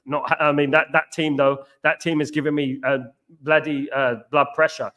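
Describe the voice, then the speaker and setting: A man hosting a live football watchalong, chatting fast and repeating himself while greeting viewers by name. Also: a little high, little pitch movement, bright, forceful tone. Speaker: watchalong host. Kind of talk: live stream chat.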